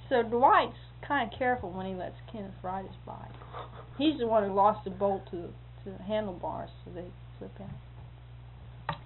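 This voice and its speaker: A woman's voice: mid-range voice, unhurried, long pauses. A woman telling folksy anecdotes in a rambling way, chuckling often. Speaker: storyteller. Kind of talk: folksy oral storytelling. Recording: tinny phone-like lo-fi tape with faint hiss.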